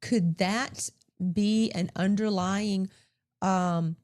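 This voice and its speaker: A woman co-hosting a Christian ministry show, casually chatting and retelling film scenes step by step in an animated way. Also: medium pitch, very slow. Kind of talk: casual film review chat.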